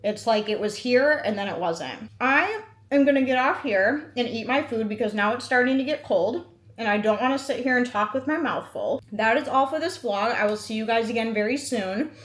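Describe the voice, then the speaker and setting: A woman's voice: a little high, animated, moderate pace. Chatty woman in an echoey room. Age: 30s. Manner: chatty, candid storytelling with many fillers. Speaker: vlogger. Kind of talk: casual sit-down vlog chat. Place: room at home, sitting before a meal.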